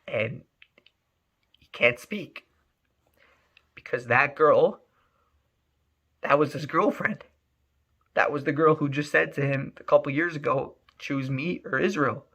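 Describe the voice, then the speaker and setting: A man telling a story in an animated, emphatic way, often repeating words. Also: on the high side, takes it slowly, pauses often. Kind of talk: spoken storytelling.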